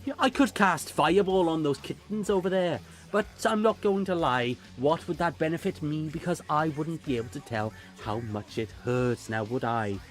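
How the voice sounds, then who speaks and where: A man's voice: on the high side, normal speed, hardly any pauses, faint music behind, pitched above the performer's own voice, lightly acted. A man voicing an unhinged male fire sorcerer who leads a cult, with a Welsh accent and gleeful, manic musing. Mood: gleefully unhinged.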